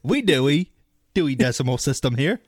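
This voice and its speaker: A man's voice: medium pitch, sing-song, moderate pace, no room sound, clean studio sound. A man co-hosting a casual podcast chat, laid-back and blunt, swearing casually. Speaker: podcast co-host.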